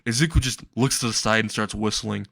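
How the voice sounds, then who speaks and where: A man's voice: fairly low pitch, fairly quick, gravelly, fairly bright tone, dry recording. Rambling, crude comedic storyteller man.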